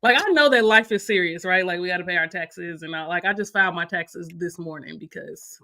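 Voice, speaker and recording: A woman co-hosting a morning show in casual chat, animated and laughing often as she talks. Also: on the low side, a little fast, slight background noise.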